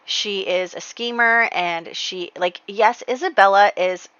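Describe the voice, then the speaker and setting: A woman's voice: mid-range voice, a little slow, a bit bright, smooth, no echo, dull audio. A woman casually narrating her life-simulation gameplay as a chatty storyteller, full of fillers and asides. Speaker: Sims gameplay creator.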